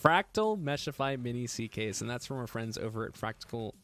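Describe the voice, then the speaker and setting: A man's voice: medium pitch, expressive, brisk, a bit bright. A man hosting a casual live stream, joking and laughing as he gets flustered over his own slip. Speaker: livestream host building a PC.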